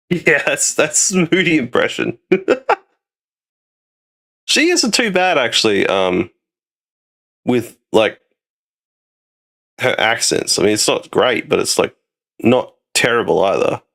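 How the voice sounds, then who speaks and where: Australian male host, casual rambling talk with lively, bouncing pitch. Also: slow pace, creaky, long pauses. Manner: rambling, loose, swears casually. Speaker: streamer host. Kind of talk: casual chat.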